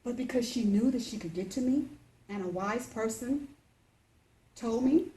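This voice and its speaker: A woman in her fifties telling a personal story as a speech, lively and acting out the voices. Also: normal speed, reverberant, rough recording. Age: 50s. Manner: animated, acts out voices with big pitch jumps.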